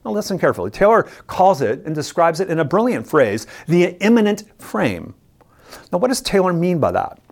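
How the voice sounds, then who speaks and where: A preacher teaching a sermon on scripture, speaking emphatically and deliberately. The preacher repeats words for stress and puts questions straight to the listeners. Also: medium pitch, big pitch swings. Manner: addresses listeners directly with questions.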